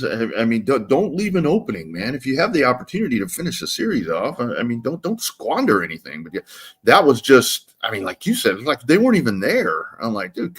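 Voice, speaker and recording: A man co-hosting a live sports talk stream, relaxed and rambling as he talks. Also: medium pitch. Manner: relaxed and rambling, with many restarts. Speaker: sports talk show co-host.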